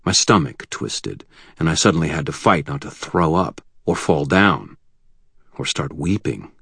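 A man with a very deep voice narrates a first-person fantasy audiobook. His delivery is wry and vivid, with tense pacing, and the close studio sound is completely dry. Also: sing-song, unhurried, vocal fry, a bit bright, husky, no echo.

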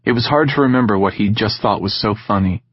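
A man narrates a novel in a calm, measured voice that sits lowish and husky. The recording is dead dry and a little muffled, like a close home-studio read. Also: dry recording. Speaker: audiobook narrator. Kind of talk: scripted narration.

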